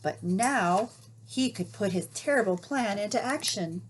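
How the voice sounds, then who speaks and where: A woman reading a children's storybook aloud, expressive, pausing to ask her listeners questions. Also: mid-range voice, a little hiss or hum.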